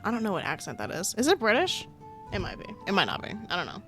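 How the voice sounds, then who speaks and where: A young woman game streamer reads a game's text aloud as she plays, stopping for playful, sarcastic remarks and laughing often. Her medium-pitched voice swoops wildly, sounds fairly bright, and moves fast, with faint music in the background. She comes across as chatty and playful.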